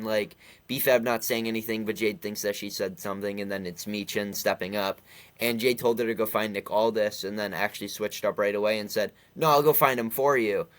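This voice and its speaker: Male recap host, mid-pitched, conversational rant delivery with lots of filler. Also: fairly bright tone. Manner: chatty, ranting, frequent fillers. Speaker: wrestling commentary youtuber. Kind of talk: casual recap and opinion.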